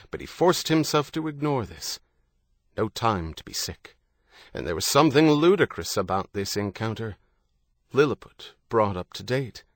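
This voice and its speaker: A man reading a novel aloud in measured, even scripted narration. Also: on the low side, no room sound, studio quality. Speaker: audiobook narrator.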